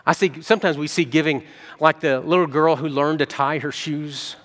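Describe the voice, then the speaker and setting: A man preaching a sermon as a pastor, telling stories and jumping between soft low asides and excited quoted voices. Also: moderate pace, long reverb tail.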